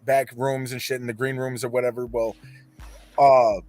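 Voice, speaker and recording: A man's voice: medium pitch, flat delivery, normal speed, darkish tone, no room sound, soft background music. A man telling rambling, profane stories as a podcast host in casual chat.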